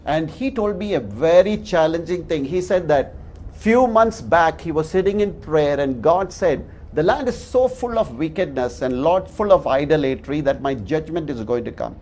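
Pastor guy preaching, tells stories and chuckles, kinda high voice. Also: animated, normal speed, darkish tone, slight background noise. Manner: storytelling, chuckles at his own anecdotes. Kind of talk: sermon.

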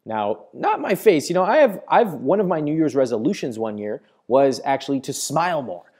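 A man hosting an instructional talk to camera in a studio, speaking expressively and deliberately slowing his delivery to make points. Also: mid-range voice, sing-song, a little mellow, slightly rough. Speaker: host.

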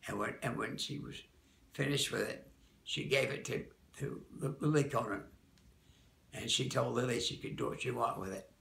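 An older man, a dance teacher, recalling people from the past in a rambling, halting way, often correcting himself. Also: medium pitch, gravelly, bright, forceful tone, roomy sound. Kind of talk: oral-history reminiscence.

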